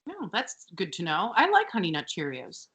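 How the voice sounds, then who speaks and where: Bright-voiced chatty woman podcaster. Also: lowish voice, huge pitch swings, moderate pace. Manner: chatty, laughs often, many fillers. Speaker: podcast co-host. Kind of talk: casual chat.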